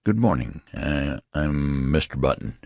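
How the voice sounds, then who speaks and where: A man reading the part of a frantic, terrified middle-aged father who pleads hoarsely in desperation. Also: a bass voice, lively intonation, unhurried, darkish tone, no room sound, clean studio sound, heavily acted. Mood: nervous.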